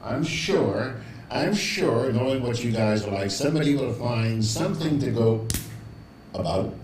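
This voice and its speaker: A man's voice: medium pitch, animated, a little slow, distant mic, a crowd in the background. A man hosting a live show, chatting casually, reading out viewer comments and chuckling along the way. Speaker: show host. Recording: roomy echo.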